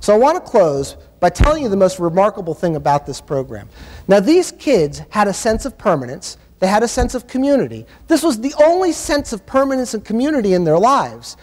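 A man's voice: high-pitched, big pitch swings, fairly quick, a little mellow. A man giving a conference keynote, telling stories in an emphatic, impassioned way. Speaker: keynote speaker. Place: university conference hall. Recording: long hall reverb.

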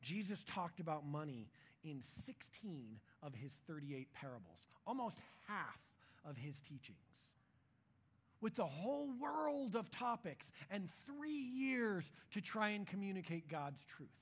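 A man preaching a sermon in a church, in a conversational, jokey and animated way. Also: sits high, measured pace, husky. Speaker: pastor.

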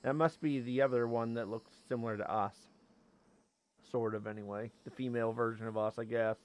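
Speaking in a steady, mid-range voice at a slightly fast clip, a let's play host narrates his game casually. He addresses the creatures on screen and lets out sudden yelps and exclamations.

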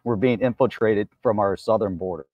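A man co-hosting a casual talk show, giving steady commentary and short agreeing replies. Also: on the low side, fairly quick, no room sound, lo-fi sound. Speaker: co-host. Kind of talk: casual chat.

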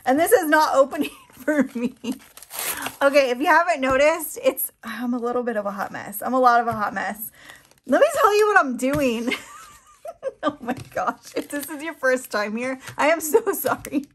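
A woman's voice: sits high, lively intonation, normal speed, a little hiss or hum. A woman talking casually to her camera as a nail polish vlogger, flustered and rambling, with frequent laughs.

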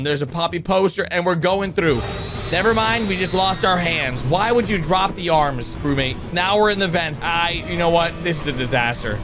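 A young man hosting an excited reaction commentary on animations, with loud outbursts and laughter. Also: sits high. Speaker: YouTube host reacting to animations. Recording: background music under the voice.

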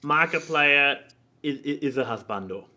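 A man co-hosting a podcast in casual chat, halting and repeating words as he thinks. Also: fairly high pitch, expressive, background noise. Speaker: podcast co-host.

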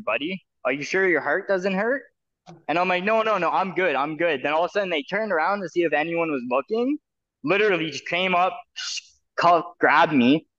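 A man's voice: a little high, a bit bright, lo-fi sound. A man from Canada telling a long personal story in a loose, rambling way, full of fillers and restarts, acting out what others said to him. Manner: rambling, many fillers and restarts, acts out quoted voices. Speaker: guest telling his story. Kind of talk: casual storytelling.

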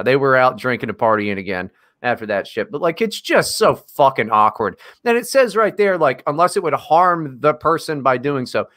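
A man's voice: medium pitch, fairly bright tone. Sarcastic, profane podcast co-host, man. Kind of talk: casual comedic podcast chat.

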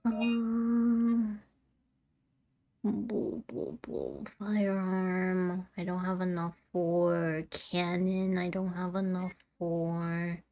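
A woman's voice: on the low side, flat delivery, slow, few pauses, warm tone, soft background music. A woman streaming a video game, chatting in a giggly way and thinking aloud as she plays. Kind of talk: casual let's-play commentary.

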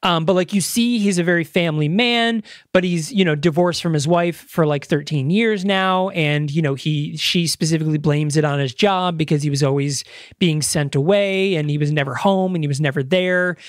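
A podcast host chatting casually and with real enthusiasm. The voice sits at a middling pitch and sounds dry and close to the mic. The delivery rambles, with plenty of filler words, restarts and the odd curse. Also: moderate pace, dry recording. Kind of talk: casual chat.

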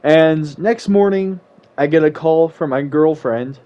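A man's voice: on the high side, measured pace. Slangy young man telling a story. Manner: slangy, rambling, with sudden exasperated outbursts. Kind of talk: casual story time. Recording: slightly muffled lo-fi recording.

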